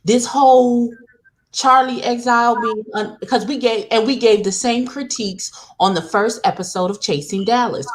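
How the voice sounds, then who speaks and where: A woman's voice: a little high, moderate pace. A woman on an online panel, weighing a show's production and content and calling it out bluntly. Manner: blunt, sassy critique. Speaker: YouTube commentator on a panel. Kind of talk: casual critical panel discussion.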